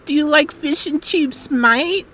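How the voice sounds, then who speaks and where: A man doing a shrill, slow-talking prank caller. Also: sharp tone, a little hiss or hum, exaggerated voice. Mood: teasing. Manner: slow, drawn-out, keeps saying the name.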